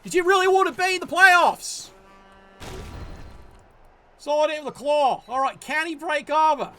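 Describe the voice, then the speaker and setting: A man commentates on a game live in a very high, bright voice. He swears often and sounds exasperated as he scolds the players' choices. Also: normal speed, a little hiss or hum.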